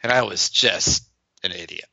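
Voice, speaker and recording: A man's voice: medium pitch, dry recording, lo-fi sound. A middle-aged man telling stories in an interview, acting out the dialogue he quotes. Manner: animated, acts out quoted dialogue. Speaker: guest, business founder. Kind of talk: storytelling in a podcast interview.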